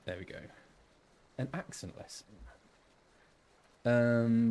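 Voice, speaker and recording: A man's voice: fairly low pitch, measured pace, a little mellow. Chatty man streaming a game. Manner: chatty, full of fillers. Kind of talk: casual game stream chat.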